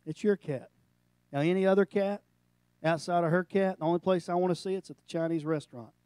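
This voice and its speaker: A middle-aged male pastor giving a sermon, animated and storytelling, breaking into jokes. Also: sits high, fast, clear, resonant tone, dry recording.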